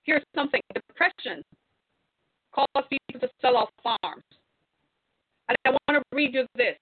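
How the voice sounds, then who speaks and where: A woman's voice: sits high, a little slow, dry recording. Impassioned woman on a tinny line. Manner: preachy, exhorting, rhetorical questions. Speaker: commentator. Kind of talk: impassioned monologue to viewers. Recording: tinny phone-like sound.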